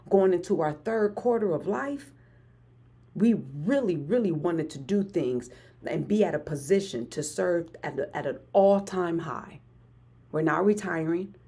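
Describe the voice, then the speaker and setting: A woman in her forties hosting a hyped motivational live stream, energetic and repeating phrases for emphasis. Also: lowish voice, creaky, husky. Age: 40s. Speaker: motivational livestream host.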